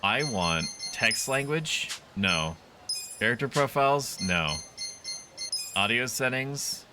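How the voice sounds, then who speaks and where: A man's voice: mid-range voice, lively intonation, takes it slowly, music in the background. A man streaming a video game, chatting casually, laughing often and swearing freely as he plays. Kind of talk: casual live gameplay commentary.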